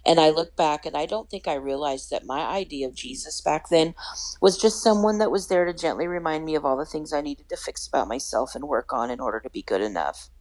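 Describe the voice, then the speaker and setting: A woman guest on a podcast telling her personal faith testimony in an earnest, animated way, with self-deprecating humor. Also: sits low, a little fast, poor audio.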